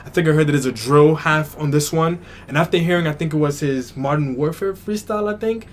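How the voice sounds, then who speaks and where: A man's voice: fairly high pitch, fairly quick. New guy reacting to music, rambly, lots of "like" and "i don't know", faint hiss behind. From New York. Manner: thinks aloud, hedging, many fillers. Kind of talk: casual reaction commentary.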